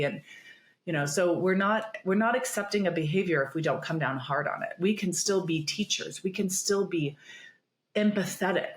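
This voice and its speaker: Woman therapist explaining earnestly, roomy sound. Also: lowish voice. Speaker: therapist guest. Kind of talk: conversational podcast interview. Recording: roomy echo.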